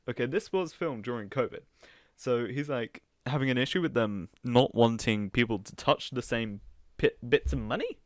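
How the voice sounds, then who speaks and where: A man streaming live reactions in a chatty, mocking way, his laughter breaking in often. His pitch swings widely as he talks. The sound is dry and close to the mic. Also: dry recording. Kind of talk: casual reaction commentary.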